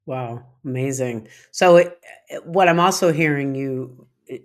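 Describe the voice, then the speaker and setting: Male host asking a question, a bit halting, restarts his phrases. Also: mid-range voice. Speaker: interview host. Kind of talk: interviewer's questions.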